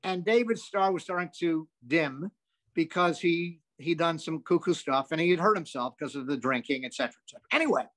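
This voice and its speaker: An older man, a comedian guest, telling animated anecdotes with lots of asides and some swearing. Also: a little high, fairly quick. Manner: animated, profane, rambling with asides. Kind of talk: anecdotal storytelling.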